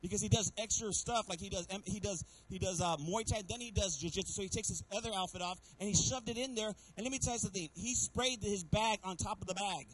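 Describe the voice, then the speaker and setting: High-voiced pastor preaching a sermon. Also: male voice, fast, few pauses, rough recording. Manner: animated preaching with repeated calls to the congregation; storytelling with humor.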